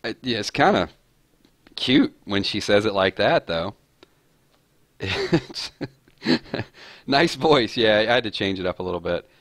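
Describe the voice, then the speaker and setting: A man's voice: lowish voice, normal speed, a bit bright, no echo, clean studio sound. A man hosting a casual live-stream chat, rambling and chuckling as he talks. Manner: rambling, chuckling, self-deprecating. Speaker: host.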